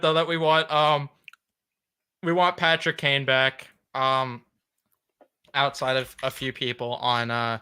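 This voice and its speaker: Bright-voiced young man hosting a podcast. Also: fairly high pitch, clear, resonant tone. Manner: mock-dramatic, theatrical rants. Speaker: podcast host. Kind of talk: casual sports podcast chat.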